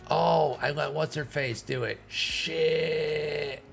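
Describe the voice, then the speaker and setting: A young man talks his way through a sports management game in a low, gravelly voice. He thinks aloud casually and now and then jumps into loud, excited outbursts. Soft music plays faintly underneath. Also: moderate pace. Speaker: streamer playing a baseball management game. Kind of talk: casual gameplay commentary.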